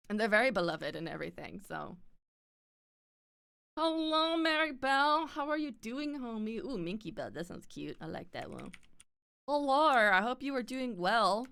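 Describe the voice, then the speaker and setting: A woman's voice: a little high, a bit bright, clean tone. A woman with a standard North American accent and a slight lisp, chatting casually with live viewers, loose and filler-heavy, swearing now and then. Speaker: streamer.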